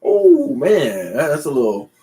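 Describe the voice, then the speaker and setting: Man, host, casual chat, gravelly texture, quick reactions. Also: a little high, wildly swooping pitch, warm tone. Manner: short reactions and laughs. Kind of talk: casual late-night chat.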